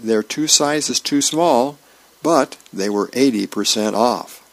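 Man voicing vain bossy Viking wife, slightly raised pitch, gravelly, slow. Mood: coaxing.

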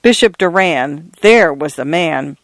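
A man's voice: a little high, animated, slow pace, a bit bright, no room sound, exaggerated voice. A man doing a scolding old housekeeper. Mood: grumbling. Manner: scolding, petulant. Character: fussy, complaining older female housekeeper.

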